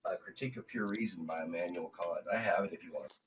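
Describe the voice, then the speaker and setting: Low-voiced young man lecturing, noisy mic. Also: fast. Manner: lecturing, know-it-all explaining. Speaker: podcast co-host. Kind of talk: casual group chat. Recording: noisy background hiss.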